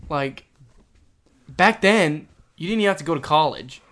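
Animated young man telling stories. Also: a little high, moderate pace. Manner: animated storyteller, ranting with loud bursts. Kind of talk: casual chat.

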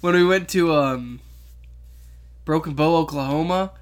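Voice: mid-range voice, unhurried. A young adult in a casual chat, teasing and joking, cutting in with silly guesses.

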